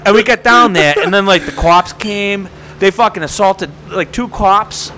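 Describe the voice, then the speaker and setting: A man's voice: high-pitched, moderate pace, pushed and bright, a little hiss or hum. A young man telling a profane story in casual chat.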